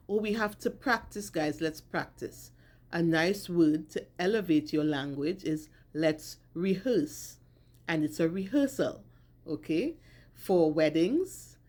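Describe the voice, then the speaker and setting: A woman teaching an English vocabulary lesson, speaking clearly and stressing each word with care. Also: sits low, dark tone. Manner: clear, deliberate enunciation with stressed words.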